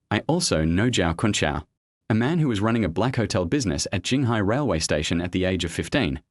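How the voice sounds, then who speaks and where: A man narrating a web comic recap in a steady first-person storytelling manner. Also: fairly low pitch, no room sound.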